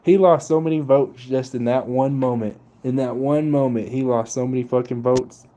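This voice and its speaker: A man's voice: mid-range voice, steady tone, normal speed, dark tone. A young man ranting casually and profanely, with slang and laughter. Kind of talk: casual political rant.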